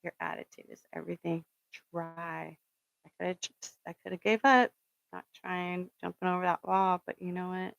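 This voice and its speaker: A middle-aged woman with a lowish, gravelly voice talks casually to her listeners. She rambles through a story full of fillers, then pushes an earnest message to never give up. The sound is close and dry. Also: steady tone, moderate pace, a bit bright, no room sound, low-quality recording. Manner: earnest and fired up, swears for emphasis. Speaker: spiritual reader and channel host. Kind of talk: casual motivational talk.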